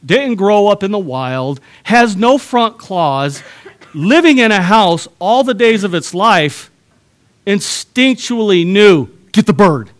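A man's voice: high voice, expressive, takes it slowly. A middle-aged man preaching a sermon, telling a story with humor and talking straight to his congregation. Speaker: pastor.

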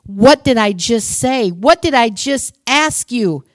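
A woman's voice: fairly high pitch, animated, slow, no echo, pitched above the performer's own voice. A woman voicing an angry scolding father. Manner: loud, raised, scolding. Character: angry father scolding his young son.

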